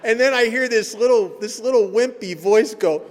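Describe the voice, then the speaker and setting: A man speaking at a recovery meeting, telling stories in an animated way and laughing at his own tales. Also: extremely high pitch, moderate pace, slight background noise. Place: meeting hall. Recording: echoey hall recording.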